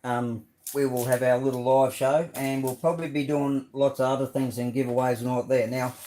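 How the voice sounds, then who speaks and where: A man's voice: medium pitch, steady tone, brisk, warm tone. Chatty Australian man with many ums. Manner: chatty, rambling, many ums, greets viewers by name. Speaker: live stream host showing model cars. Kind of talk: casual live stream chat.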